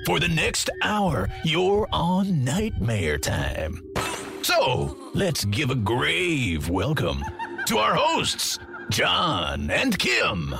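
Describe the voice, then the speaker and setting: A man playing a theatrical late-night radio announcer introducing a horror show, with slow, swooping delivery. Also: fairly high pitch, wildly swooping pitch, gravelly, exaggerated voice. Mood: spooky. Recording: voice over loud music bed.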